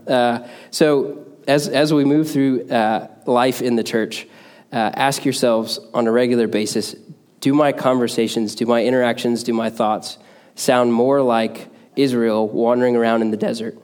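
Male preacher, middle pitch, relaxed conversational sermon delivery with frequent fillers.

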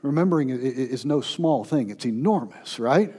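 A man, a pastor, telling stories in a sermon, turning from playful to hushed and tender. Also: mid-range voice, animated, moderate pace, husky.

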